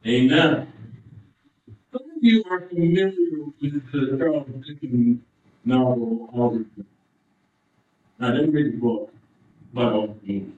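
A man's voice: medium pitch, lively intonation, darkish tone. Preacher man echoing through a hall. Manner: storytelling, halting restarts, rising emphasis. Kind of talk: sermon. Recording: distant, roomy, muffled hall sound.

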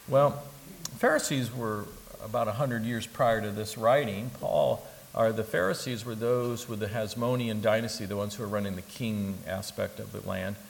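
A male pastor preaching a sermon with a gravelly, creaky edge to his voice. He moves between soft, conversational asides and loud, emphatic bursts, with humorous asides. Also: medium pitch, a little hiss or hum, poor audio. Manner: humorous asides and joking impressions.

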